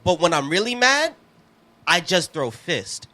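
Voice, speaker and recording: A man co-hosting a podcast, telling animated, profane stories in casual chat. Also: high-pitched, unhurried. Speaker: podcast co-host.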